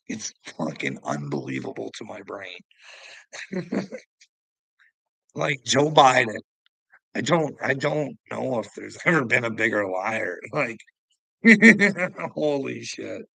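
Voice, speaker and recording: A man's voice: medium pitch, creaky, bright, forceful tone, breathy edge, no room sound, rough recording. A middle-aged man hosting a livestream, rambling in casual chat, laughing often and swearing as he talks to viewers. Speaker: livestream host.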